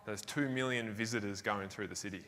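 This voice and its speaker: A man's voice: lowish voice, a little fast, fairly bright tone. A man from Tasmania with an Australian accent, telling his story with energy and frequent laughs as a keynote speaker on a conference stage. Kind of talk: motivational stage talk. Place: large event hall. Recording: long hall reverb.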